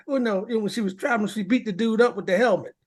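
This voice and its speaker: A man co-hosting a podcast, telling a story in casual chat and acting out the voices of the people in it. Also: high-pitched. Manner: animated storyteller, acts out voices. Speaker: podcast co-host.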